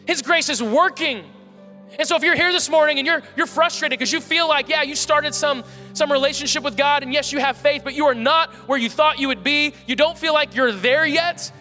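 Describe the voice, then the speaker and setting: A man's voice: very high voice, moderate pace, pushed and bright, faint music behind. A man preaching a sermon to his congregation as pastor, earnest and building emphasis through repeated phrases. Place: church sanctuary. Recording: long hall reverb.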